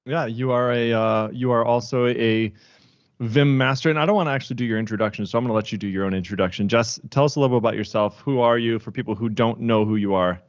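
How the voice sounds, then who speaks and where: An american man co-hosting a casual podcast, mid-pitched and playful, rambling as he corrects himself along the way. his voice comes through dull and a bit lo-fi, like remote call audio. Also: quick pace, no echo. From United States. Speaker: podcast co-host. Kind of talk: casual chat.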